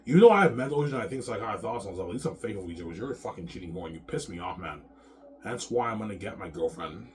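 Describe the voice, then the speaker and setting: A man in his thirties vents in a rambling vlog, his voice sitting very low. He sounds angry and profane, circles back over the same points, and restarts sentences. A faint hiss of noise sits under him. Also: animated, racing. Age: 30s. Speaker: vlogger. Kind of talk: rambling personal rant to camera.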